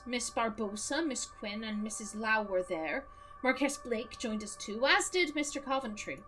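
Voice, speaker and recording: Rich: An earnest middle-aged doctor from a video game, voiced in an Irish accent by a woman reading the part aloud. He lectures in a precise manner, and the voice is fairly high for a man. Faint violin music plays underneath. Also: fairly bright tone. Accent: put-on Irish. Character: middle-aged male doctor, curious about spirits.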